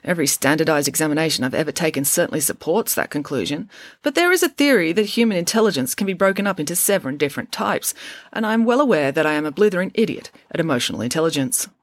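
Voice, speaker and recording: A woman's voice: deep voice, expressive, fast, no room sound. A woman reading the part of a clever, pedantic schoolgirl who speaks in a precise, literal, matter-of-fact way. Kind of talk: audiobook character voice.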